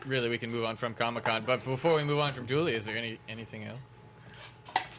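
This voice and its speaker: A man's voice: medium pitch, fairly even intonation, fairly quick. A man hosting a casual podcast, steering the topics along and swearing now and then. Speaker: podcast host. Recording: noisy podcast recording.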